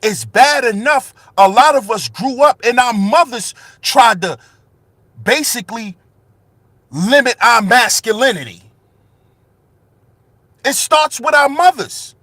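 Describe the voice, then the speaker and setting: A commentary channel host with an extremely high, pushed, bright voice delivers an impassioned monologue on his own channel, speaking slowly and animatedly with frequent pauses. He uses rhetorical questions and repeated phrases, raising his voice passionately; the recording is dry.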